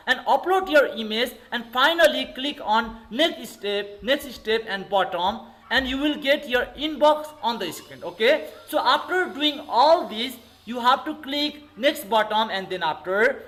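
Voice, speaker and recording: A man's voice: extremely high pitch, fairly bright tone, rough recording. A male English teacher with a Nepali accent, giving an online lesson and calling on the class over and over. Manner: repetitive, keeps calling on the class with okay and everybody.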